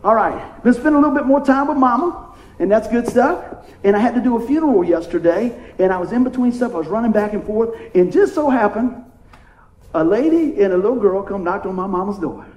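Pastor, man, high voice, chatty call-and-response preaching, roomy echo. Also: expressive, fairly quick, a little mellow, highs cut off. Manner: playful, call-and-response preaching with frequent "amen?". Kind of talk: sermon.

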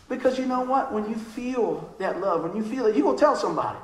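A man preaches in a high voice, chatty and lively, acting out the people he quotes. His sermon rings through an echoey church room. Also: fast talker. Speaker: pastor. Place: church sanctuary.

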